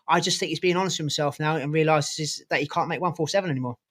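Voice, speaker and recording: A man co-hosting a sports podcast, his voice on the higher side and his talk quick. He gives blunt opinions with casual swearing, the way someone chats with a mate. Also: a bit bright. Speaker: podcast co-host.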